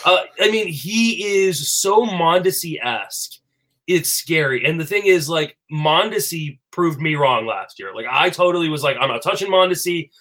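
A man talking fantasy baseball in a casual chat, animated and full of fillers and restarts. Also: a little high, unhurried. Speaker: fantasy baseball podcast panelist.

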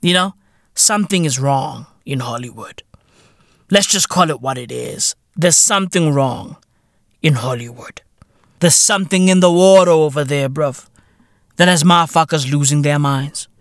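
A South African man hosting a podcast, ranting alone and swearing heavily. He slips local slang and Sesotho phrases into his English and swings from low mutters to loud shouts. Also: moderate pace, no room sound, studio quality. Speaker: podcast host. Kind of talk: solo profane rant.

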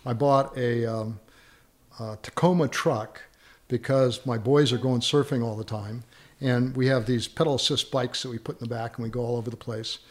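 A middle-aged man, a father of a big family, recounting anecdotes in a relaxed group chat. He talks with animation and slips into the voices of the people in his stories. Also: medium pitch, normal speed. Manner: animated anecdote-telling, acts out quoted voices. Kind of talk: casual chat.

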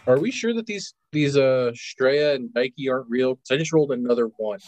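A man's voice: medium pitch, lively intonation, fairly quick, a little mellow, rough recording. A man playing a tabletop game in a joking, playful way. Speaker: player. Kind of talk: casual tabletop play.

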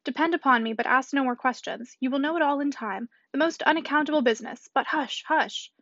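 An earnest middle-aged gentleman guards a secret in a storybook, keeping his voice low and evasive, read by a woman. The delivery is quick and rather high. The recording is dull and dry. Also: no room sound. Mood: guarded. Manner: hushed and evasive.

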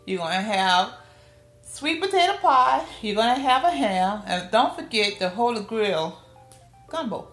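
A middle-aged woman with a New Orleans accent tells family stories with a storyteller's flair, her voice jumping high whenever she acts out what her relatives said. She sounds like she is in a roomy, echoing space, with soft music playing underneath. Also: measured pace. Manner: lively storyteller, acts out family quotes with big pitch jumps. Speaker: podcast guest. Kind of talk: casual storytelling interview. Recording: roomy room with faint music behind.

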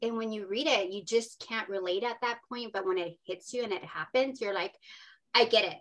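A woman's voice: mid-range voice, brisk. A woman in her thirties, a podcast guest who talks earnestly and with a lot of feeling. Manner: emotional, earnest, expressive. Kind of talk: casual interview chat.

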